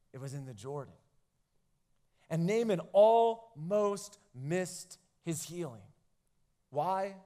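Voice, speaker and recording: A man preaching a youth sermon, animated in his storytelling, who acts out quoted lines. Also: high voice. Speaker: youth pastor.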